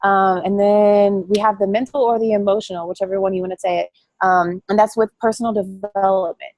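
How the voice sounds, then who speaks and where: A woman giving a chatty, excitable motivational talk to her coaching team over a call, rambling and quick to laugh. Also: medium pitch, no echo. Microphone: phone or call line.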